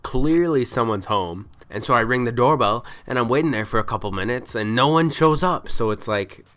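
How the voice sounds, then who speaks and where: A man ranting in casual storytelling, exasperated and complaining, acting out the people he met in quick quoted lines. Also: medium pitch, animated, fairly bright tone. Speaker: vlogger.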